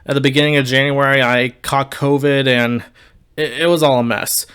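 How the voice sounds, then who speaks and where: A man's voice: mid-range voice, steady tone, moderate pace, a bit bright, clear, resonant tone. A young man casually reviewing movies, candid and wry with blunt opinions.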